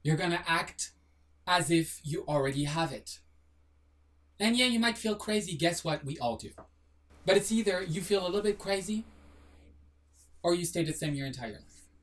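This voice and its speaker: Sassy manifestation vlogger, blunt, lots of rhetorical questions, mid pitch, sits a bit back from the mic. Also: expressive, moderate pace, long pauses, distant mic. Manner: swears casually, apologizes jokingly. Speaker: manifestation video host. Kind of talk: motivational monologue to camera.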